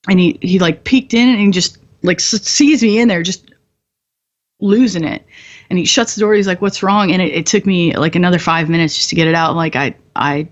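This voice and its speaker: With a voice on the low side and the high frequencies cut off, a combat veteran in her thirties guests on a podcast. She relates a difficult story candidly, leaning on blunt, profane humor and laughing often.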